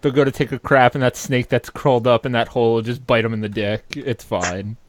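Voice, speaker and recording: A man co-hosting a podcast, ranting loud and profane in casual chat. His voice sits at a middle pitch. The sound is close and dry, with no room. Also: steady tone, fairly quick, no echo. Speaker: podcast co-host.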